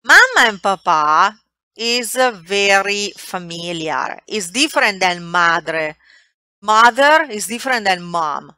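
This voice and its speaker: A woman with an Italian accent, a native Italian speaker, teaching a language class with patient explanations and slowly drawn-out example words. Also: lowish voice, pushed and bright, no room sound.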